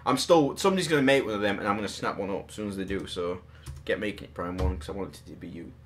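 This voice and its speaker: A man's voice: low-pitched, rapid-fire. A man hosting a casual chat about collectible statues, rambling and joking at his own expense. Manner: rambling, self-deprecating, jokey. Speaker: podcast host.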